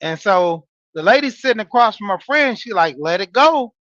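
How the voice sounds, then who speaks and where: A man in his forties with a high voice talks straight to his listeners, telling a story in a loose, casual monologue full of "you know"s. The sound is dry and a little dull, with no room around it. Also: lively intonation, normal speed, sharp tone, dry recording. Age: 40s. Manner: storytelling, talking straight to listeners with frequent fillers. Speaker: podcast host and wrestling coach. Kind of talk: casual monologue, greeting live chat.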